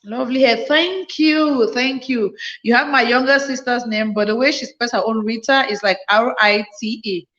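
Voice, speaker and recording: On a phone, a woman hosts a casual livestream and, tired after a night shift, keeps thanking and greeting viewers as they join. Her voice is a little high and a bit bright, at a moderate pace with hardly any pauses, and the highs are cut off.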